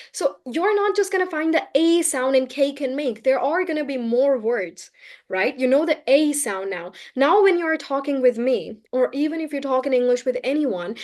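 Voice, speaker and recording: A woman with a fairly high voice leads a live online English class over a video call. She speaks firmly and corrects her student directly. She walks through each point with simple examples. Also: darkish tone. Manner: firm, corrective, explains with examples. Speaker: English accent teacher.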